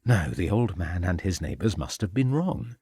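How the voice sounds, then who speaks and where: Guy reading a mystery audiobook, lowish voice, lively expressive, dry close sound. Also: husky, dry recording. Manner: measured, expressive storytelling. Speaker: audiobook narrator. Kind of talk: scripted audiobook narration.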